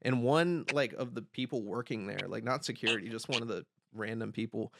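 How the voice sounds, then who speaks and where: A young man hosting a podcast, telling a story in casual chat, animated and swearing, loudly yelling the lines he quotes. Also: mid-range voice, fairly quick, gravelly, noisy background. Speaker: podcast host.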